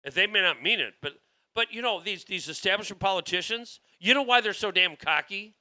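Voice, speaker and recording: A man's voice: high-pitched, lively intonation, fairly quick, sharp tone. A man hosting a political talk show, delivering a rambling, heated monologue with frequent restarts. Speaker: show host.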